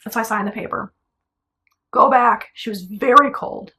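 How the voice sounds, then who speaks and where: Young woman, singer, casual vlog to camera, bright and forceful, blunt, cusses freely. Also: on the high side, moderate pace. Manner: animated, blunt, swears casually. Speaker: singer telling her story.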